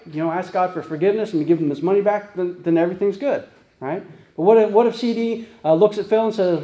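A man's voice: high-pitched, quick pace, dark tone, reverberant. A man preaching a sermon as pastor, conversational, often checking in with "right?" and "guess what?".

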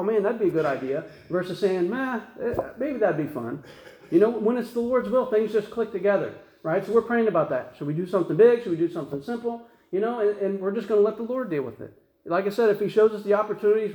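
Guy preaching fast, kinda high voice, folksy and rambly, echoey room. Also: muffled recording. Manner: folksy, rambling with frequent restarts and fillers. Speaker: pastor. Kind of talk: sermon.

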